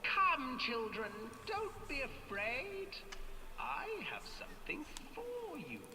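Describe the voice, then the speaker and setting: A man putting on a shrill old witch. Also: wildly swooping pitch, slow pace, bright, forceful tone, full character voice. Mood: coaxing. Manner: high, sing-song, theatrical. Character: cackling old female witch, cruel and greedy. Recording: long reverb with music behind.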